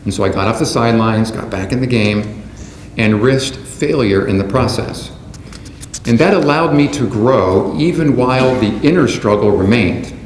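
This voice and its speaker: A man speaks at an even middle pitch, delivering a prepared keynote at a careful, deliberate pace. The sound carries the roomy echo of a large conference hall. A faint hum of background noise sits underneath. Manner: measured, deliberate delivery from a script. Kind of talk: prepared speech to an audience.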